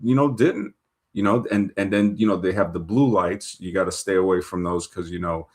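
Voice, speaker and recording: Male host, New York accent, deep voice, casual rambling livestream storyteller. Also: normal speed. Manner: rambling, animated anecdotes with many fillers. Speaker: show host reading viewer comments.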